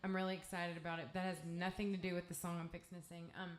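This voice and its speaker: A woman's voice: on the low side, flat delivery, racing. A woman from East Texas with an East Texas accent, telling a candid, profane, rambling story between songs as a guest singer-songwriter. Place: music club stage. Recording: echoey live club room.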